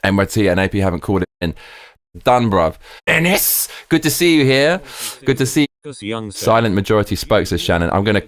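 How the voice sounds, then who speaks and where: Profane, excitable streamer. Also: male voice, on the low side, a little fast. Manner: excitable, profane, reads viewer comments aloud. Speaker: live stream host. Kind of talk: live reaction stream chat.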